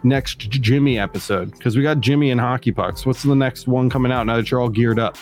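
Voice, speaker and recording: A man's voice: medium pitch, a little fast, soft background music. Joking, rambling male podcast host. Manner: rambling, joking, many restarts. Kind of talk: casual podcast chat.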